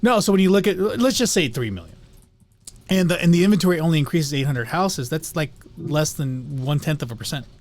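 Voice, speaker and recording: Easygoing man, slightly high voice. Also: animated, darkish tone. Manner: easygoing, halting with fillers. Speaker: real estate co-host. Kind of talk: casual market chat.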